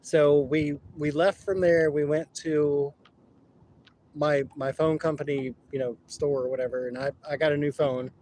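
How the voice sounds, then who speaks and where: A man's voice: fairly high pitch, level tone, unhurried, warm tone, a little hiss or hum, poor audio. A man casually telling rambling, laughing stories outdoors on a river, swearing freely. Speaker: vlogger. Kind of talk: casual storytelling while kayaking.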